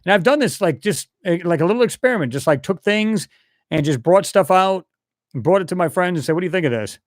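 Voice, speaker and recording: A man with a high, expressive voice talks briskly while hosting a live stream, rambling loosely as he reads out and answers viewer comments in casual chat. The sound is a clean studio recording with no echo.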